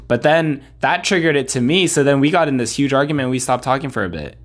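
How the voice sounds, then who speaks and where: A man's voice: mid-range voice, lively intonation, moderate pace. A man hosting a solo podcast, talking in a rambling, blunt, conversational way. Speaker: podcast host.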